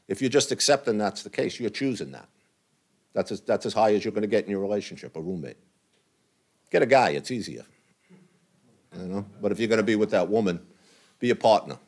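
An older man talks to a men's group, candid and blunt, never softening his plain words. His voice sits a little low, and he sounds earnest about what he says. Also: animated, brisk, long pauses. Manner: blunt and earnest, plain language with mild cursing. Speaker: recovery group speaker.

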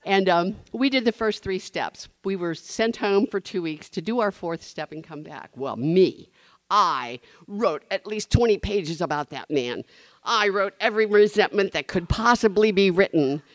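Expressive woman sharing her recovery story. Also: medium pitch, normal speed, no room sound, clean studio sound. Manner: expressive storyteller, acting out quoted voices, laughing often. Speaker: recovery meeting speaker. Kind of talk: personal testimony to a group.

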